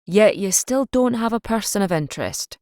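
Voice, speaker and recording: A woman voicing a gruff, sarcastic male Scottish police chief with a Scottish accent in an audiobook reading. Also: medium pitch, animated, normal speed, a little mellow, no room sound, studio quality, voice pushed up, close to an everyday voice.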